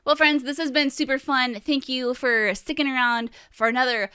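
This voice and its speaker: A woman's voice: sits high, fairly even intonation, normal speed, sharp tone, clear, resonant tone, no room sound, studio quality. A young adult woman hosting a casual vlog, chatty and rambling, swearing now and then. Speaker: vlog host. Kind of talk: casual chat to camera. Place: home room with game shelves.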